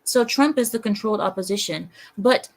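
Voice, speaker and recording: A woman's voice: mid-range voice, a little fast. A woman hosting a livestream, reading viewer comments aloud and answering them in an exasperated way, with frequent sighs and rhetorical questions. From lives in America.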